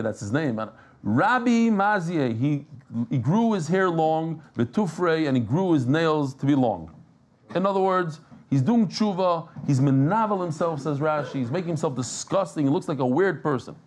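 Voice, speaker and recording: A man giving a lively Talmud class, telling stories and joking with the people in the room. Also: fairly high pitch. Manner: animated, joking, mixes Yiddish and Hebrew terms. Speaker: daf yomi teacher. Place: class with live audience.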